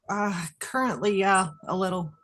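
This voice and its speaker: A woman receiving a psychic reading, giving brief, quiet replies. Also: medium pitch, slow.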